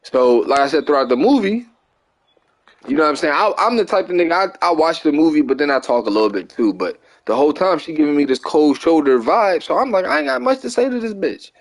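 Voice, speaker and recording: A young man with a Philadelphia accent, casually telling a long profane story while gaming, rambling and animated, often asking "you get what I'm saying". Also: a little high, brisk. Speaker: gaming channel host. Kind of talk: casual storytelling over gameplay.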